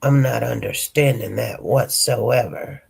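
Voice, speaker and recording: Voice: medium pitch, measured pace, creaky, breathy edge. A livestream host chatting casually with viewers and greeting them by name, congested from a cold and rambling between topics. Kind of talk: casual chat.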